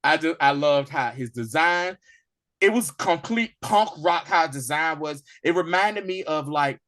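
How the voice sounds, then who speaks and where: A man co-hosting a casual movie review podcast, animated and quick to act out scenes. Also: fairly high pitch. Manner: animated, acts out movie lines in a raised voice. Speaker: podcast co-host.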